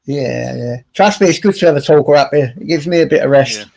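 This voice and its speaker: A man's voice: fairly high pitch, lively intonation, brisk, gravelly, a crowd in the background. A man hosting a livestream, chatting casually and teasing his guests with blokey slang. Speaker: livestream host. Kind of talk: casual chat.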